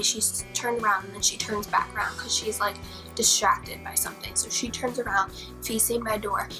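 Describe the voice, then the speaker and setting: A young woman vlogger telling a scary personal story in a dramatic, profane way, dropping to whispers and rising to near-shouts. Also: mid-range voice, low-quality recording. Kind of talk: storytime vlog.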